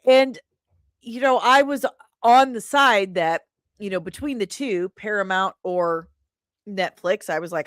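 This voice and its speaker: A young woman hosting a casual commentary show, opinionated and sarcastic, cackling at her own jokes. She talks at an unhurried pace in a mid-range voice, recorded close and dry with no room sound. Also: mid-range voice, dry recording. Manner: opinionated, sarcastic, laughs often. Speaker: host.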